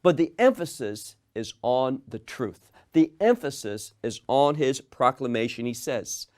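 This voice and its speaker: A man's voice: medium pitch, lively intonation, measured pace, darkish tone. A man teaching a verse-by-verse Bible study in an earnest way, putting reflective questions to his listeners and repeating words as he builds each point.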